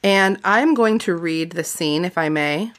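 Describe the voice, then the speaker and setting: A woman's voice: fairly low pitch, a little slow, a bit bright. A woman hosting a casual book discussion, chatty and often laughing, mixing reading aloud with her own asides. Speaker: podcast host. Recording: music playing underneath.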